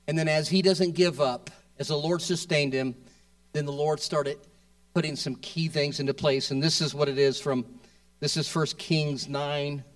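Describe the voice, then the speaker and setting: Male preacher, slightly high voice, off-mic, conversational sermon with rising emphatic peaks. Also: distant mic. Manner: conversational, asks rhetorical questions, builds to emphatic peaks.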